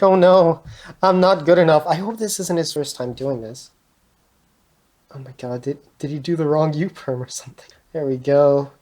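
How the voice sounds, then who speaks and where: A woman hosting a cubing video, giving nervous, excitable running commentary with frequent swearing and laughter. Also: sits low. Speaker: speedcubing channel host. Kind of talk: casual vlog commentary while playing. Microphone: GoPro camera.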